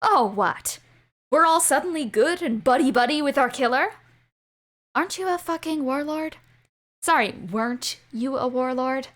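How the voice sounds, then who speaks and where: A woman's voice: sits high, expressive, normal speed, a bit bright. A woman doing a sneering, mocking ghost. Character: bitter, mocking ghost of a murdered man.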